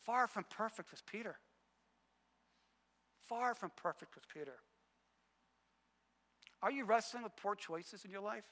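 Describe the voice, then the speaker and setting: A male pastor preaching a sermon, emphatic and repetitive, swinging between loud passages and hushed ones. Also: high voice, measured pace, long pauses, big-room sound.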